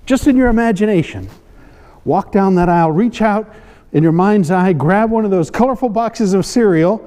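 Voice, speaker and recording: Man, comedy magician, teasing stage banter, slightly high voice, long hall reverb, faint background noise. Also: dark tone. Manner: playful, teasing, quick asides. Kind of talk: stage banter with audience volunteers. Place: stage before a live audience.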